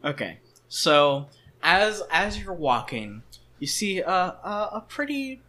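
A man narrating as game master of a tabletop game, halting and repeating words as he describes scenes. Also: high-pitched, big pitch swings, bright, forceful tone.

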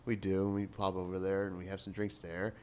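Podcast co-host, young adult male, lowish voice, loose rambling storyteller with a New lilt. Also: flat delivery, a little fast, a little mellow, slight background noise. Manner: rambling storyteller, lots of fillers and "like". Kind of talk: casual podcast chat.

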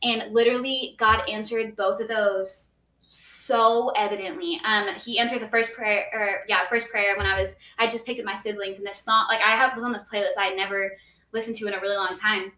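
Earnest young woman, bright and roomy. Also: medium pitch, fairly even intonation, brisk, distant mic. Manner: earnest storytelling, many "like"s and restarts. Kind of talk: casual faith testimony. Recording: echoey room, voice a bit off-mic.

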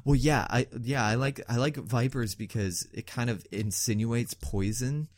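A man's voice: medium pitch, measured pace. A man co-hosting a casual podcast, musing aloud with lots of fillers while building a fantasy world. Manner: relaxed, musing, full of "like". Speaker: podcast co-host.

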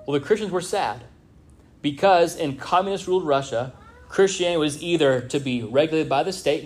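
A man's voice: on the high side, darkish tone. A man from Southern California preaching a sermon in a church, conversational, often checking in with the congregation. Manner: conversational preaching with frequent "right?" asides. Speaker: pastor. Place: church sanctuary.

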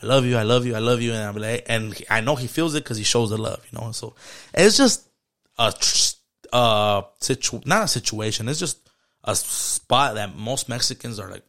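A man's voice: mid-range voice, animated, moderate pace, bright, forceful tone. A man in his thirties chatting casually on a podcast, loose and slangy, dropping Spanish words into his talk. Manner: laid-back slang-heavy talk mixing in Spanish. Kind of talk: casual chat.

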